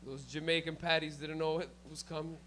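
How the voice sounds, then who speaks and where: With a slightly high, bright, forceful voice, a young comic delivers his stand-up a little fast and fairly flat. He swears freely, banters with the club crowd, and laughs at his own material.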